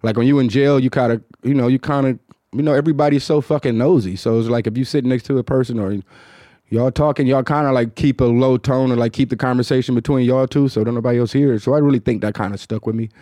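A man with a Detroit accent chats loosely on his podcast, keeping his voice low and a bit mumbled, hard to follow at times. His voice sits at an ordinary middle pitch, and the recording is close and dry with no room sound. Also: steady tone, fast, warm tone, dry recording. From Detroit, United States. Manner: loose, profane, rambling with many fillers. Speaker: podcast host. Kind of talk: casual chat.

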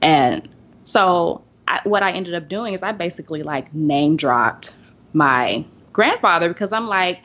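A woman from the Southern United States telling a personal story in a casual podcast roundtable. She acts out the people in her story with lively voices. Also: lowish voice, measured pace. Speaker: podcast panelist. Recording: dull lo-fi podcast audio.

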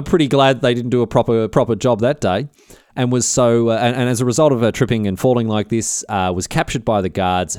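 A man's voice: on the low side, darkish tone, no echo, clean studio sound. A man with an Australian accent telling a history story casually, chatty and slangy, with many restarts.

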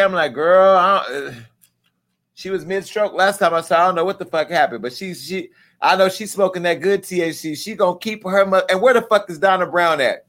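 Male vlog host, joking gossip commentary, salty and lively, slightly high voice. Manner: animated, profane, joking.

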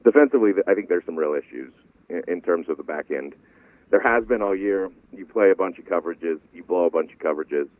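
A man's voice: low voice, quick pace, no room sound. A man breaking down football game film on sports radio, restarting his sentences as he talks. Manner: animated, repeats words when restarting. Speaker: football analyst. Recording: tinny phone-like line.

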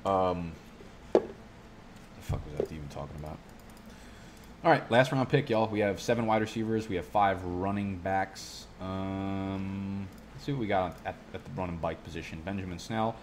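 A man's voice: low voice, fairly even intonation, normal speed, noisy background. A young man talking casually to his viewers while drafting a fantasy football team, rambling, swearing freely and drifting off on tangents. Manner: rambling, profane, goes off on tangents.

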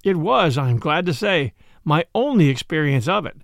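A man narrating a story for a podcast with an expressive, theatrical reading. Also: on the high side, moderate pace, vocal fry, no room sound, clean studio sound. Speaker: podcast reader.

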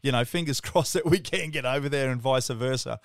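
A man's voice: mid-range voice, a little fast, vocal fry, no echo, clean studio sound. A man with an Australian accent hosting a podcast in casual, enthusiastic chat, often calling the other speaker mate. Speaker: podcast host.

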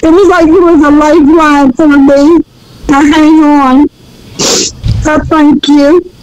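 A woman's voice: sits high, fairly even intonation, slow, a little mellow, a little hiss or hum, low-quality recording. A woman in her sixties calling in, crying as she talks and repeating her thanks over and over. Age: 60s. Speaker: caller. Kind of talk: emotional phone-in call.

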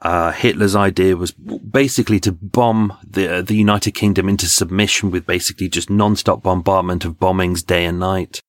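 A man, a podcast guest, telling lively stories in conversation with restarts and laughs. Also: deep voice, normal speed, hardly any pauses, no room sound, studio quality. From England. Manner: animated anecdotes, frequent laughs and restarts. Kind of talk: storytelling in conversation.

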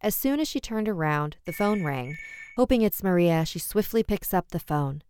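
A woman telling a horror story in a measured, dramatic style. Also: fairly low pitch, animated, a little mellow, slight background noise. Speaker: narrator. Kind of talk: scripted horror narration.

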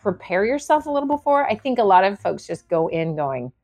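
A woman talking through advice in a relaxed podcast chat, her pitch sitting in the middle of the range. She rambles and thinks out loud, and laughs now and then. Faint music plays underneath. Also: a little fast. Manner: thoughtful, rambling, laughs often.

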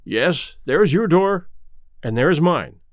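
A man reading aloud, voicing an angry, rough-haired male lawyer who speaks sharply and indignantly. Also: on the high side, animated, a little slow, no echo, clean studio sound. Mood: resolute.

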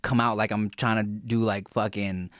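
A man's voice: fairly low pitch, level tone, moderate pace, a bit bright, no room sound. Profane storytelling man, dry close mic. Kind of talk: casual chat.

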